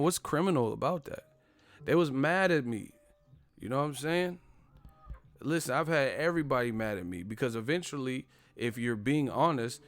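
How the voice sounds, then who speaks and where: A man's voice: medium pitch, gravelly. A man hosting a boxing channel, ranting in casual live-stream commentary with lots of slang and profanity. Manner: animated, profane, slangy rant.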